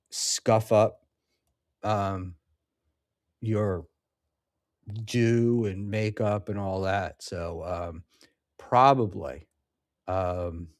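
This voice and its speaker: A man's voice: medium pitch, no echo, studio quality. A man hosting a casual livestream, reading chat and talking with rambling, sarcastic asides and lots of ums.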